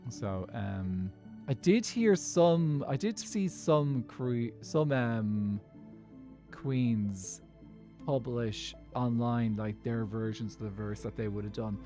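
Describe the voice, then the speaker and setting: A man's voice: medium pitch, takes it slowly, mellow, faint music behind. An Irish man streaming a game, chatting casually and rambling with frequent laughs. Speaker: Minecraft streamer. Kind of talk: casual chat while gaming and reading chat.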